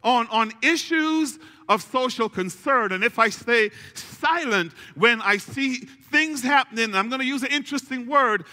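A male pastor delivers a sermon in a bright, high voice. He leans on repetition and slow, emphatic phrasing and calls for the congregation to answer. The sound carries a long reverb, as in a large church sanctuary. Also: expressive. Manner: preaching with call-and-response, slow emphatic repetition.

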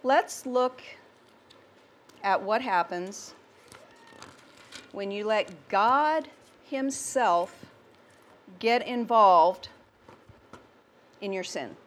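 A woman's voice: medium pitch, animated. A woman preaching a sermon in a conversational, emphatic way, often putting questions to her listeners. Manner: conversational, asks the congregation questions; slow and emphatic.

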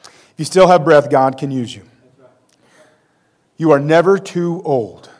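A man's voice: fairly high pitch, measured pace, a little mellow. A man in his forties preaching a conversational sermon with self-deprecating humor. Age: 40s. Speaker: pastor.

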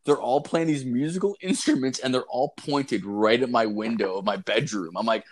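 A man's voice: mid-range voice, normal speed. Swearing, rambling young man telling stories. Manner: profane, rambling, laughs through his stories. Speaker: podcast co-host. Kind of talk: casual storytelling chat.

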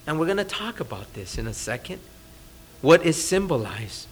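A man preaching a sermon as a pastor, talking conversationally, asking the audience rhetorical questions and dropping to a hushed voice for emphasis. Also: sits high, animated, moderate pace. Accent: Californian. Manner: drops to a soft, hushed voice for emphasis. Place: church.

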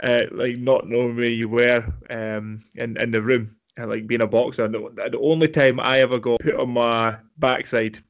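Casting: man, mid-pitched, rambling podcast talker who chuckles often. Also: steady tone, normal speed, few pauses, highs cut off. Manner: rambling with many fillers, laughing easily. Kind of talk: casual chat.

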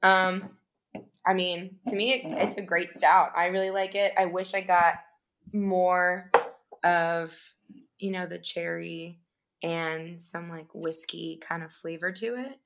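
Female guest, low-pitched but bright tone, giggly, casual. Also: fairly even intonation, slow pace. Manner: giggly, with many "like"s and "um"s. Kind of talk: casual chat.

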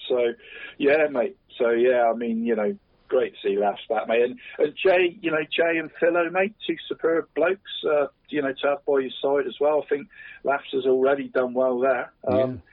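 Bloke on a podcast rambling about football, says mate nonstop, husky voice, tinny dry phone sound. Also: male voice, medium pitch, steady tone, moderate pace, dry recording. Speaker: podcast co-host. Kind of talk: casual chat.

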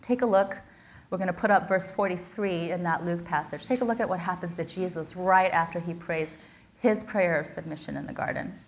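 Woman, sermon speaker, earnest and intimate, self-deprecating jokes, slightly low pitch. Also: brisk, slight background noise. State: blind. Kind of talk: personal sermon with Bible reading.

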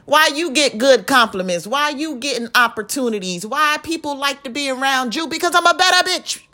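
Young woman vlogger, fairly high voice, profane and emphatic rant, venting straight to camera. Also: lively intonation, moderate pace, bright, forceful tone.

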